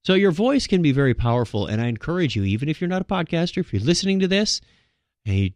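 A man's voice: on the high side, very animated, quick pace, a little mellow, no echo. A man hosting a solo podcast, talking casually and rambling, with frequent restarts. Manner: rambling, with many restarts and filler words. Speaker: podcast host.

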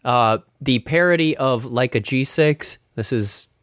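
A man's voice: medium pitch, measured pace, a bit bright, no echo, clean studio sound. A man hosting a casual tech podcast, chatty and laughing as he retells funny stories. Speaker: podcast host.

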